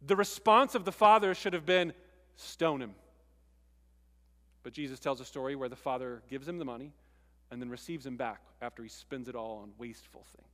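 A man preaching a sermon in a casual, conversational way, stressing words with pauses between them. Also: mid-range voice, sharp tone, in a large hall. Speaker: pastor.

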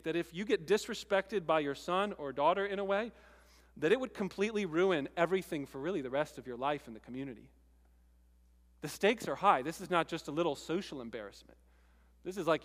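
This is a man giving a sermon in a relaxed, conversational style, pressing hard on key words. His voice sits high. The sound carries a long reverb, as in a large church hall. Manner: conversational preaching, emphatic with pauses. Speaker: pastor.

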